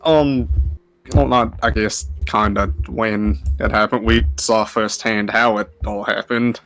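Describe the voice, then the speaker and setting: Slow, low-voiced hesitant man. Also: fairly even intonation, gravelly, a bit bright, dry recording. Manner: hesitant, stop-start and laughing. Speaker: player in a tabletop game. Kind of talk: speaking in character in a tabletop game.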